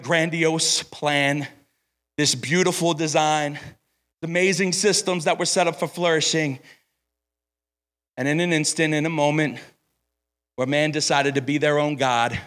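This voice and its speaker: A young man preaching at a summer camp service, energetic and playful, calling himself over the top. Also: fairly high pitch, a little slow, long pauses. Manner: energetic, playful, self-described as extra. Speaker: camp speaker. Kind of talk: sermon.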